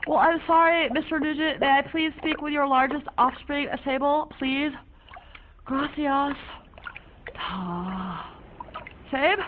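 Slow and high-voiced, with long pauses, an actress plays a chatty, offbeat, free-spirited young woman on a breezy one-sided call to a friend, rambling in quirky, ornate slang. The sound is narrow and phone-like, carrying a faint hiss.

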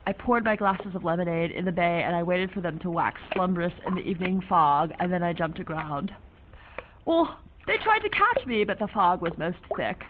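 With a lowish voice and lively intonation at a moderate pace, close to her everyday speech, an actress plays a chatty, free-spirited young woman calling a friend. The breezy one-sided call rambles in quirky, ornate slang, heard with narrow phone-like sound and faint hiss.

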